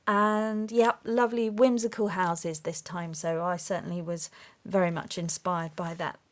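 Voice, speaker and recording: A woman hosting a craft video, chatting casually and gushing with excitement as she opens a parcel. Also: on the low side, unhurried. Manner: gushing, excitable, with gasps and exclamations. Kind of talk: casual unboxing chat.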